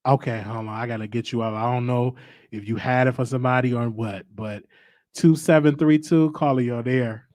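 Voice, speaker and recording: A man's voice: medium pitch, fairly even intonation, a little fast, darkish tone, no echo. A man hosting a live call-in show, cutting in on callers and stammering over repeated words. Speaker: radio show host taking calls.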